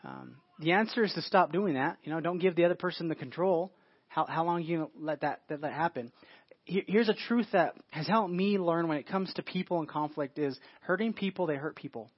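A man's voice: on the high side, brisk, husky, no room sound, lo-fi sound. A male pastor giving a conversational sermon, informal, often restarting phrases and asking the listeners questions.

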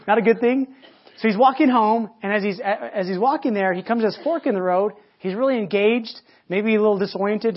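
Brief: male pastor, conversational storyteller, stumbles and restarts, husky tone, dull recording. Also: sits high. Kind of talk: sermon.

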